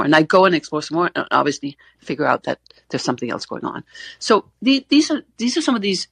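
A woman co-host with a husky, low-sitting voice explains things on a casual panel discussion, speaking fast, very animated and a bit bright. She's a gender expert, earnest and explanatory, and tends to repeat words when starting. The audio comes over an online call with no echo.

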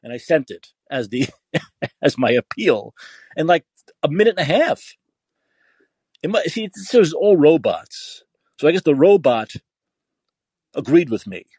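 A man's voice: on the high side, very animated, measured pace, long pauses, darkish tone, breathy edge, dry recording. A man hosting a podcast and delivering an angry political rant, full of cursing and repetition. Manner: angry, profane, repetitive ranting. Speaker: podcast host.

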